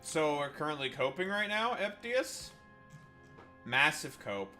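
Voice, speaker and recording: A man's voice: on the high side, big pitch swings, measured pace, bright, forceful tone, soft background music. A man hosting a livestream, trash-talking and teasing his chat in a mocking way. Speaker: livestream host.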